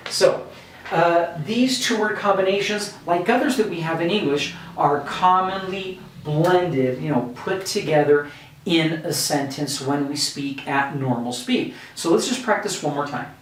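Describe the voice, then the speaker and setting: A man teaching English pronunciation in a video lesson, modeling words slowly and often checking in with "okay?". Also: a little high, a little hiss or hum. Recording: roomy echo, mic at a distance.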